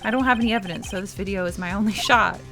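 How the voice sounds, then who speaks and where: A woman's voice: medium pitch, racing, fairly bright tone, soft background music. Giggly Australian woman playing a game. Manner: giggly and playful. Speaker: let's play host. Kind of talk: casual gameplay commentary.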